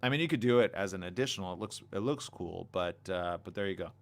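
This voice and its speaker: A man hosting a casual live stream on a desk mic, reading viewer comments and chatting excitably. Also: low voice, fast, gravelly. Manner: animated, excitable, reads viewer comments aloud. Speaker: livestream host. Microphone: desk condenser mic.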